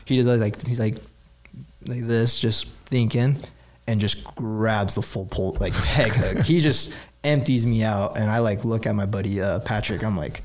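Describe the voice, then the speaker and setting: Young man telling a story casually, rambling with lots of filler words and getting animated. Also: fairly low pitch, unhurried. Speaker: store employee telling a story.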